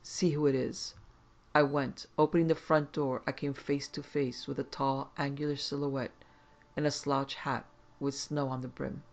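Gravelly man narrating a horror tale. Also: mid-range voice, level tone. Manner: measured first-person storytelling. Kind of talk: scripted horror story narration.

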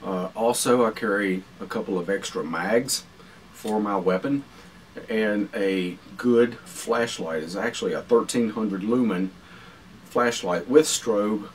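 A man hosting a survival vlog, explaining his gear in a practical, unhurried way with many pauses while he chews food. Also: lowish voice. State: talking while chewing food. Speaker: survival channel host. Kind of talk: casual explanatory vlog talk. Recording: distant mic with faint background noise.

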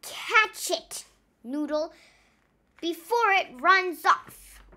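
A woman voicing an eager young pirate crewman with excited calls in a children's storybook reading. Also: very high-pitched, drawn-out words, pitched above the performer's own voice, exaggerated voice.

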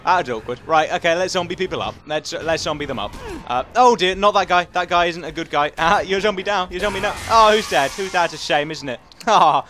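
Excitable young Englishman, quick high voice. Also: a little hiss or hum. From England. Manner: excitable, rambling, chatty, laughs often. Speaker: gaming commentator. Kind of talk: casual gameplay commentary.

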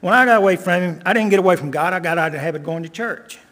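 An older man preaching a sermon as a guest preacher, earnest, repeating lines and slowing down for emphasis. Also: sits high, fairly bright tone. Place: church sanctuary. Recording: long church reverb.

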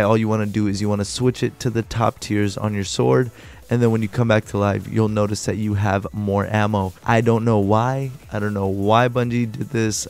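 Man, gaming vlogger, sick rough voice, gravelly, low and flat. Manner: upbeat, addresses viewers directly. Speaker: gaming channel host. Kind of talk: casual gaming tutorial talk.

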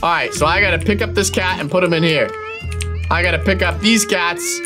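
A young man giving excitable gameplay commentary, full of loud exclamations, yelps and slangy bro-talk. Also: high voice, a little fast, music in the background. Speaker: gaming YouTuber.

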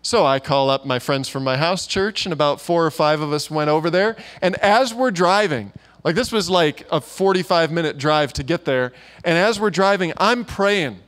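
A man's voice: a little high, moderate pace, hardly any pauses, fairly bright tone. A man preaching at a church gathering, telling stories in a chatty, informal way with many fillers and asides. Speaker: guest preacher. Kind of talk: conversational sermon with storytelling.

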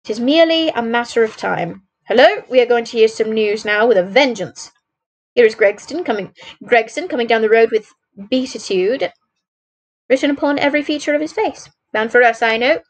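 A woman voicing a sharp, dryly amused male detective in a storybook read-aloud, speaking in a crisp, measured way. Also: fairly high pitch, poor audio. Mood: brisk.

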